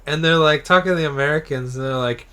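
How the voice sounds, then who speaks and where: A young man co-hosting a casual podcast chat, joking and acting out characters in quick bursts. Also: on the high side, bright, forceful tone. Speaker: podcast co-host.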